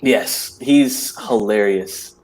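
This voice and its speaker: A man's voice: fairly low pitch, drawn-out words, darkish tone. A man as a podcast guest in casual chat, talking with many "like" fillers and laughing easily.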